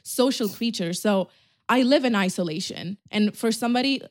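A young woman co-hosting a podcast, talking candidly in a rambling, animated way about her own thoughts and habits. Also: a little high, normal speed. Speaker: podcast co-host. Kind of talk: casual chat.

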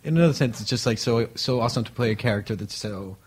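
A man in his thirties talking as a guest on a podcast, animated and laughing often. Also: medium pitch, fast, slightly rough. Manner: animated, laughing, playful voices. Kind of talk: casual chat.

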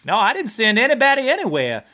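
A man's voice: very high-pitched, huge pitch swings, fast talker, bright, forceful tone, voice pushed up, full character voice. A man voicing a folksy, drawling male maker of war machines. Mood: defensive. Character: folksy long-legged male arms-maker.

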